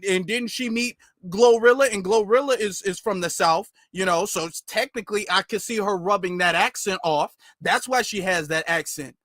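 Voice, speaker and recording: A man hosting casual commentary in an animated, slangy, mocking way. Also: sits high, no echo, clean studio sound. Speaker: commentary channel host.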